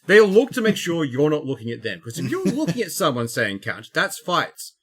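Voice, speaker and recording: A man's voice: on the high side, wildly swooping pitch, a little fast, slightly rough. An Australian man co-hosting a podcast, chatting casually with sweary banter. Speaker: podcast co-host. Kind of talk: casual chat.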